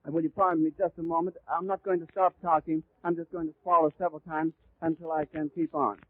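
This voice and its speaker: This radio announcer's voice is a little high, level in tone, and quick, with no room sound. He narrates a live scene as an eyewitness, vivid and flowing though occasionally tripping, captured in a tinny, dry 1930s broadcast.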